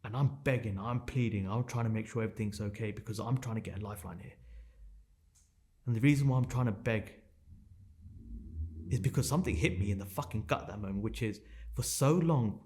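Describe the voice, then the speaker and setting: Guy in his 30s, raw and intense, swears a lot, keeps repeating himself for emphasis, mid-pitched voice. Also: mellow. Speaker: podcast guest. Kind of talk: emotional personal storytelling.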